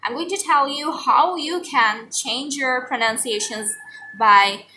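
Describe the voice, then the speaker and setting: A young woman tutor giving a pronunciation lesson, repeating example words slowly for the learner. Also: sits high, sharp tone, recorded from a distance, slight background noise. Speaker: online tutor.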